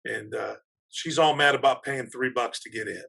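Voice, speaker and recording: A man, an athletic director, telling animated stories as a podcast guest and laughing through them. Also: mid-range voice, normal speed, creaky, slightly rough. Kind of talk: casual storytelling on a podcast.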